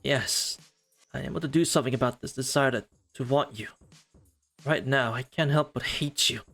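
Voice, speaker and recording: A man streamer reading aloud as a proud young female vampire alchemist, with stiff, formal, measured phrasing. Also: mid-range voice, a bit bright, faint music behind. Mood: subdued. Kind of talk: reading a game's story mode aloud.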